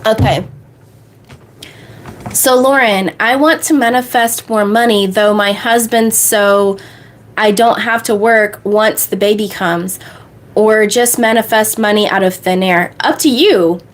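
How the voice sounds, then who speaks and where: A woman coach answering viewer questions on a livestream in a bubbly, fast way. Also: mid-range voice. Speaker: manifestation coach.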